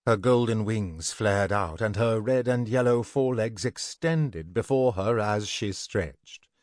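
A man narrating a scripted fantasy story in an even, deliberate way. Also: on the low side, no room sound, studio quality.

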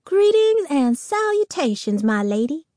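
A secretive fifth-grade boy, hushed and urgent, his voice pitched up high, as a woman reads him in an audiobook. The sound is dry and close. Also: very animated, a little slow, no room sound. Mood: playful. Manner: hushed and urgent when whispering.

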